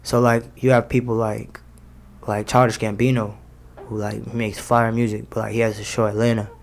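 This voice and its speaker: Gravelly young man talking loose slang. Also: lowish voice, flat delivery, moderate pace. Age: young adult. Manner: slangy, loose, many fillers. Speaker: rapper guest. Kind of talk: casual interview.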